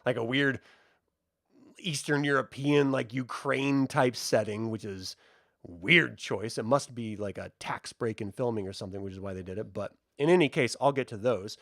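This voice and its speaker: A man hosting a casual spoiler film review, chatty and joking with an animated delivery. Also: medium pitch, normal speed, no echo, studio quality. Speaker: host.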